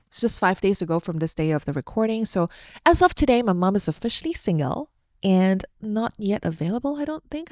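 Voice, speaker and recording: A woman's voice: mid-range voice, darkish tone, no echo, clean studio sound. A young adult woman hosting a podcast, sharing a personal story in an open, heartfelt, chatty way with fillers. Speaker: podcast host.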